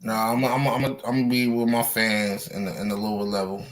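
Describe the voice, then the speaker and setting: A man in a casual basketball chat with friends, laid-back and quick to laugh. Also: fairly low pitch, flat delivery, a crowd in the background. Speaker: co-host.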